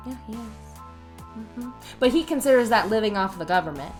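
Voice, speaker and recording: A woman's voice: on the high side, expressive, a little fast, soft background music. A woman, a special needs teacher co-hosting a casual podcast, talking bluntly and cursing freely. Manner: blunt, profane, ranting. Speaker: podcast co-host. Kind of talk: casual chat.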